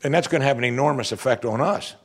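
A middle-aged male pastor preaching an animated sermon, acting out what people say to him. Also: medium pitch, fast. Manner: animated preaching, quoting congregants in mock voices.

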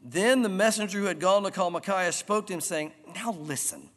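A man preaching a sermon to his congregation, animated and emphatic, with a long hall reverb. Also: sits high, fairly quick. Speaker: pastor.

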